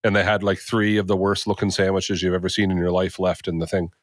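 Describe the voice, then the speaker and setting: A man's voice: low voice, completely flat delivery, quick pace, no echo, clean studio sound. A man hosting a podcast, telling a story in a rambling casual way full of fillers and asides. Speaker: podcast host.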